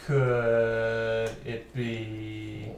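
A man's voice: fairly low pitch, completely flat delivery, drawn-out words, vocal fry. Joking man playing a tabletop game, distant. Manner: joking, rambling with restarts. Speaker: player. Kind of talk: casual tabletop play. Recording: echoey room, slightly distant mic.

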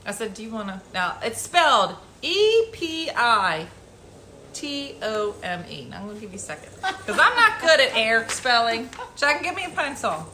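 A woman's voice: on the high side, moderate pace, a little hiss or hum. A middle-aged woman hosting a live stream, telling comic family stories and acting out her relatives' voices. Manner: animated, acts out family members' voices. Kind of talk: comic family storytelling to viewers.

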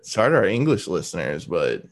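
Lively, animated male podcast co-host. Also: low-pitched, brisk. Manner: lively, many "like" fillers. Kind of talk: casual chat.

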